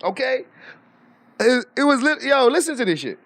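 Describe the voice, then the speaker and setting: A man's voice: extremely high pitch, big pitch swings, normal speed, fairly bright tone, no room sound. A man ranting boastfully on a live stream, swearing freely and laughing often. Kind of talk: casual livestream rant.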